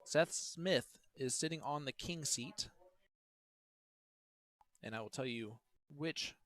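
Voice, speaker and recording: A man's voice: fairly high pitch, slow pace, a bit bright, no room sound. A man commentating a live darts match, talking in a chatty, joking way and teasing his co-host.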